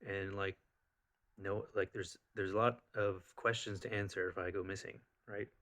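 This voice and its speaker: A man with a somewhat low voice tells a personal story straight to camera. He rambles and restarts, packs his talk with fillers, and turns animated as he goes. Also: normal speed. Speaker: vlogger.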